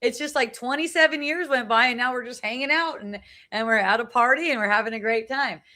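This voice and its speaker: A woman's voice: on the high side, brisk, pushed and bright. A middle-aged woman sharing personal reflections in a casual, earnest way, often repeating herself and adding "right?" to her sentences, on a phone live video outdoors. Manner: earnest, repeats phrases, frequent tag "right?". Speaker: spiritual talk host. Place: outdoors at a beach.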